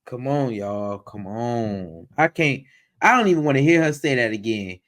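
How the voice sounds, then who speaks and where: A man comments live on a clip he is watching. He talks in an animated way and sounds exasperated, circling back to the same phrases again and again. His pitch sits in an everyday middle range. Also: normal speed. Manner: animated, exasperated, repeats phrases, mocks quoted voices. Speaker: livestream host reacting to a video. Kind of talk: casual reaction commentary.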